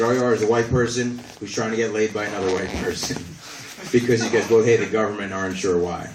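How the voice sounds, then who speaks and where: A man's voice: lowish voice, slight background noise. A young man doing a rambling, self-deprecating stand-up set full of swearing, recorded on a phone from the audience. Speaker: stand-up comedian. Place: small comedy venue. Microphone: phone camera from the audience. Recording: echoey room, distant phone recording.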